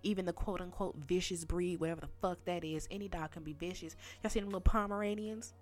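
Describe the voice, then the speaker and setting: Animated slangy woman podcast host. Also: on the low side, quick pace, faint music behind. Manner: animated, slangy, addresses listeners directly. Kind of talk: casual ranting monologue.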